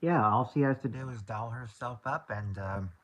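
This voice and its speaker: A man's voice: medium pitch, moderate pace, a bit bright, a little hiss or hum. A young man, casually chatting on his livestream and often repeating himself as he talks. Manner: easygoing, repeats and restarts phrases. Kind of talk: casual chat.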